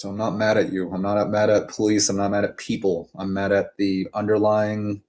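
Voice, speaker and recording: A man with a fairly low, mellow voice talks casually to the camera. He rambles and drifts off topic, swearing freely and filling his speech with "like" and "um.". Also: flat delivery, brisk, few pauses. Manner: rambling and digressive, profane, with frequent fillers. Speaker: vlogger.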